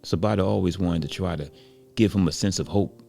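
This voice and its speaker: A man narrates a story in a relaxed, reflective, conversational way. His voice is very low and heavily gravelly, with a dark, mellow tone. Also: a little fast, faint music behind. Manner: relaxed, reflective, many "you know" fillers.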